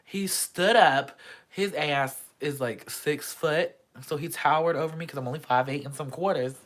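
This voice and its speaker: A man's voice: a little high, normal speed, a bit bright. A young man telling a story from his student days abroad, casual and profane, acting out the voices of the people in it. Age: young adult. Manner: acts out quoted voices. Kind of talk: storytime vlog.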